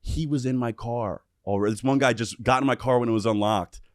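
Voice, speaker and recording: A man telling a story in casual podcast talk, animated and profane, acting out what everyone said. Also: mid-range voice, brisk, dry recording, clean studio sound. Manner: animated, profane, acts out quotes. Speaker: podcast guest.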